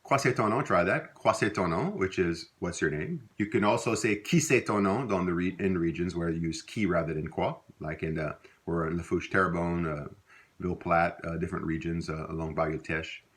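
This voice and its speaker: Male teacher with a very low voice. Patient, repetitive delivery. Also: fairly even intonation. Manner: patient, repeats words slowly with many fillers. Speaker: language teacher. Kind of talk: recorded lesson.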